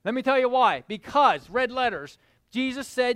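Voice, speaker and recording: A woman's voice: a little high, expressive, moderate pace, no echo. A woman preaching a sermon who repeats key words for emphasis and puts questions to her listeners.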